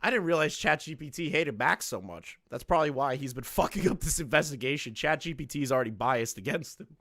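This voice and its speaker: A streamer reacts and comments, laughing hysterically as his voice cracks upward. His pitch leaps wildly from low to shrill. The sound is dry and close, with no room echo. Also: expressive, quick pace, creaky, fairly bright tone.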